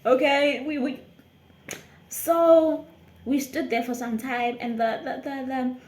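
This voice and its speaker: Animated South African woman telling a story. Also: high voice, takes it slowly, echoey room. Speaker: YouTuber. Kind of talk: storytime vlog.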